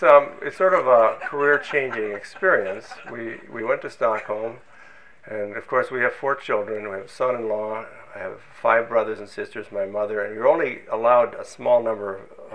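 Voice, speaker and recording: A man's voice: fairly low pitch, creaky, fairly bright tone, low-quality recording. An older man from Minnesota recounting his scientific career in a storytelling way, with self-deprecating humor and frequent false starts. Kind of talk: oral history storytelling.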